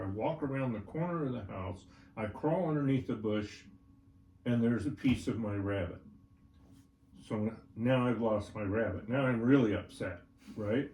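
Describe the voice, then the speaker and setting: Older guy telling a story, mellow voice, kinda far off in an echoey room, faint background hum. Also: mid-range voice. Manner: folksy, checks in with "right?" and "all right?". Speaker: horse trainer guest. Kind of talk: personal storytelling in an interview. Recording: roomy, from a distance, faint ambience.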